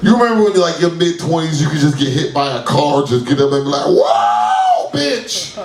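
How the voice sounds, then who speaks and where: A man, doing a loose, profane stand-up set with sudden shouted, high-pitched outbursts at an open mic. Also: fairly even intonation, fast, crowd noise. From New York. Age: 30s. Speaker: stand-up comedian. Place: small club at an open mic. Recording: roomy club sound from a distant mic.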